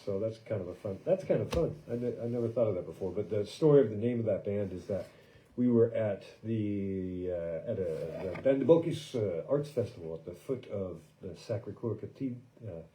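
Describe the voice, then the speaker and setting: A man's voice: lowish voice, expressive, moderate pace, dark tone, a little hiss or hum, poor audio. A man hosting his own podcast in a casual, rambling monologue, joking and poking fun at himself, with loose fillers, recorded indoors in a workshop studio. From lives in Paris. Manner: jokey, self-mocking, loose with fillers. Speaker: podcast host and musician.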